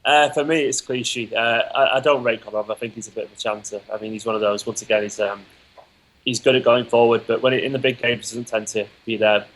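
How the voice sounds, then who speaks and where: Guest, man, rapid-fire opinions, mid-pitched, eager football talk. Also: fairly even intonation, a bit bright, low-quality recording. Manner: quick, enthusiastic, opinionated. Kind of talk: casual football chat.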